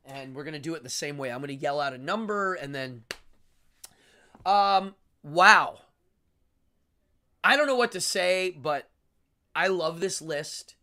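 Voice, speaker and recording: A man's voice: on the high side, pushed and bright. Rambling, enthusiastic English-accented man. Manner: rambling and enthusiastic, many ums. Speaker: livestream host. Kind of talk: casual philosophical monologue.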